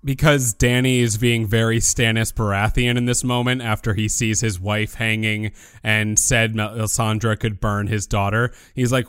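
A man's voice: fairly low pitch, level tone, moderate pace, hardly any pauses, fairly bright tone, clear, resonant tone, no echo. Joking male podcast co-host, dry sound. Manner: joking, acts out characters' lines. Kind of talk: casual podcast chat.

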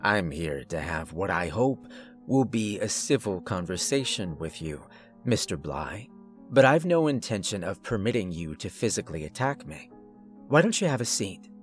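Man playing a polite doctor, clinically detached, measured, menacing, faint music. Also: low voice, very animated. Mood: coldly polite.

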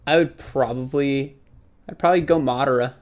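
A man's voice: medium pitch, normal speed. A young man co-hosting a casual chat, hesitant and full of restarts, laughing often.

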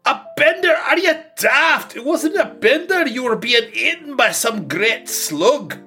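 Gm lady putting on a loud blunt viking warrior woman, bossy, high and bright, music faint behind. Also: animated, unhurried, heavily acted. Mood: scoffing. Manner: bickering, brash.

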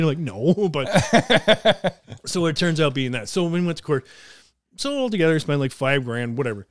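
A man's voice: a little high, fairly quick, dry recording, studio quality. A man from Canada hosting a podcast, telling a story in casual chat with lots of swearing. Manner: profane, animated storyteller. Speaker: podcast host.

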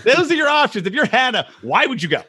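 A man co-hosting a casual comedy podcast, swearing a lot and acting out quotes in an animated way. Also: very high-pitched, fast talker, breathy edge. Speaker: podcast co-host. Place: recording room, west coast.

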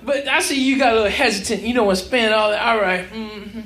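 A man voicing a smooth-talking male pimp making a wheedling sales pitch in street slang, recorded in an echoey comedy club with the audience laughing. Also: fast talker, fairly bright tone, a little hiss or hum.

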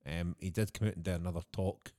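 A Scottish man co-hosts a podcast in relaxed conversation. His voice sits very low, and he tells stories with easy laughter. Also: quick pace. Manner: chatty storyteller, laughs often. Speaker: podcast co-host. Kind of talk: casual chat.

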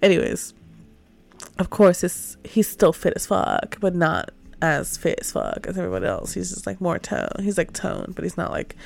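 Woman, casual book review, sarcastic, swears a lot, gravelly low voice. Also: sing-song, normal speed, faint music behind. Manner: sarcastic, profane, heavy use of "like".

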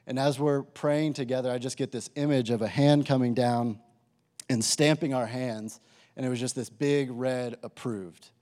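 A young man sharing a personal testimony with a live audience, in a casual, animated way full of filler words. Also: medium pitch, normal speed. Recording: reverberant hall.

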